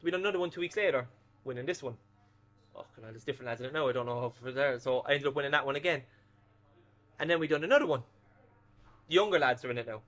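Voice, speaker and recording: A fast-talking man in his thirties recounts his playing days in a casual interview. His voice is bright and forceful, and he tells his anecdotes with lively energy and plenty of swearing. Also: mid-range voice. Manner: animated anecdotes, swears freely. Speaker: former footballer guest.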